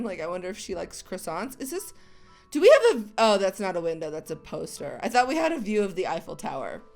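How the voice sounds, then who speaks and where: A woman hosting a casual game playthrough, chatting and reading the game's story text aloud in a bubbly way. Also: medium pitch. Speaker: let's play host.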